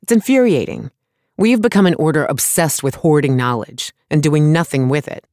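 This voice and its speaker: A man's voice: a little high, lively intonation, normal speed, darkish tone, no room sound, studio quality, pitched above the performer's own voice. A male narrator voicing a small, brusque, sarcastic woman artificer who talks bluntly and impatiently. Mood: indignant.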